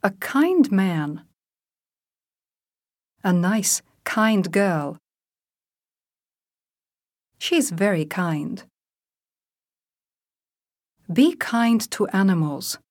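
A woman reads vocabulary drills aloud, one word at a time, with an extremely slow and measured pace. Every syllable is clearly enunciated, and the recording is dry and close with no room sound. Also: mid-range voice, big pitch swings, no echo. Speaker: language teacher reading vocabulary.

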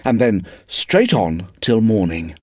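A man's voice: on the low side, big pitch swings, a little mellow, dry recording, studio quality, heavily acted. A man voicing a proud, polite boy in a read-aloud storybook, speaking firmly with a touch of boasting. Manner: brisk, firm and boastful. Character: proud polite boy who never grew up.

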